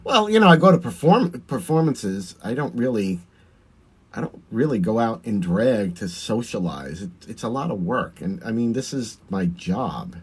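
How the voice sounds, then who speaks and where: A man's voice: on the low side, very animated, moderate pace, breathy edge. A man with a Long Island accent, a drag performer chatting through a livestream while doing his makeup, answering viewer comments and laughing often.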